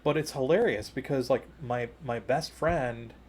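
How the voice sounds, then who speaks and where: A man co-hosting a podcast, relaxed and chatty as he tells a long story, padding his sentences with "you know" and "like". His voice sits in an ordinary middle register. At the exciting beats he leaps upward and gets louder. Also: unhurried, breathy edge. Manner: jumps higher and louder when retelling excited moments. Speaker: podcast co-host. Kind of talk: casual storytelling chat.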